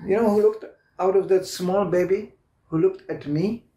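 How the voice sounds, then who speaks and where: A man's voice: high voice, steady tone, moderate pace, mellow, recorded from a distance. A man in his fifties giving an anecdotal spiritual lecture, telling stories, laughing often and restarting his sentences. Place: club lecture room. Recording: roomy hall echo.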